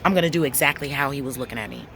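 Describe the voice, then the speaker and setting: A woman, telling a story to camera in a blunt, profane, animated way. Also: very deep voice, rapid-fire, a little hiss or hum. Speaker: vlogger.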